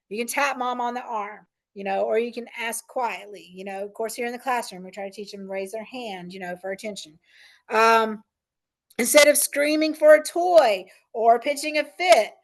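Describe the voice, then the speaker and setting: Chatty woman leading a parent training. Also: fairly high pitch. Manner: conversational, frequent "right?" and "um". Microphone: meeting recording.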